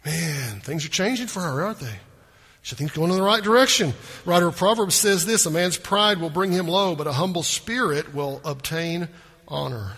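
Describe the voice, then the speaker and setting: A man preaching a sermon as pastor, animated, acting out the people in the story. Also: a little high, normal speed, husky, big-room sound.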